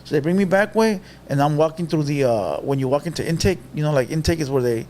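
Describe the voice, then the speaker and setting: Animated man telling a story. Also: fairly high pitch, fast, a little hiss or hum. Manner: animated storyteller, mixes Spanish slang, acts out quotes. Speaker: podcast guest telling a story. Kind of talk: casual storytelling.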